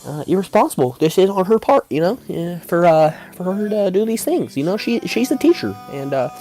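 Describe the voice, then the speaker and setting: A man's voice: high-pitched, sing-song, fairly quick, warm tone, faint music behind. A man telling a comedic story as a vlogger, rambling with many restarts and fillers and talking straight to his viewers.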